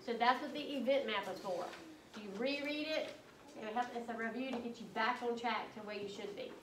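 A high-voiced woman teacher reads a chapter book aloud and stops to quiz her students. She sounds a little distant in an echoey classroom, with faint room noise behind her. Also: brisk. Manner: instructive, prompting questions.

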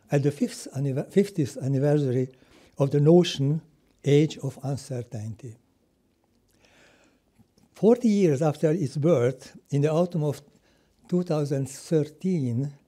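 Older man, dark husky voice. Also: a little high. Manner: measured, read-from-notes delivery with brief self-corrections. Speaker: president of the national UNESCO commission, giving a welcome speech. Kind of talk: formal opening speech.

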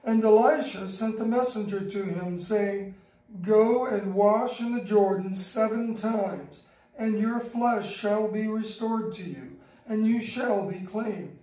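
A woman giving a slow, measured liturgical Bible reading in church. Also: medium pitch, dark tone. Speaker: scripture reader. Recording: echoey church from far off.

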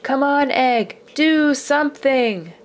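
A woman voicing an excitable father dinosaur in a storybook, speaking loudly and emphatically. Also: mid-range voice, moderate pace, lightly acted. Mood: impatient. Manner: loud, raised and emphatic.

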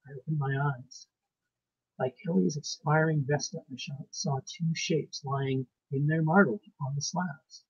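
A man reading his ghost story aloud with a measured, suspenseful delivery and pauses. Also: fairly high pitch, fairly even intonation, slightly rough, dry recording. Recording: muffled lo-fi recording.

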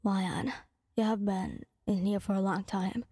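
A woman voicing a calm, caring teenage boy hero in whispered role-play, soft and gently coaxing. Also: medium pitch, measured pace, breathy edge, no echo, studio quality, pitched below the performer's own voice. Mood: gentle.

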